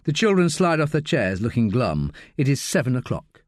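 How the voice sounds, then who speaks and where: This audiobook narrator is a man with a medium-pitched voice who reads expressively and at a measured pace. The recording is dry and studio-clean.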